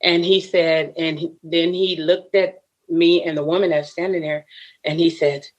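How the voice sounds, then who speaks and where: Low-pitched woman guest, earnest storyteller who laughs often, muffled lo-fi audio. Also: fairly even intonation, normal speed. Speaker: podcast guest. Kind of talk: personal storytelling.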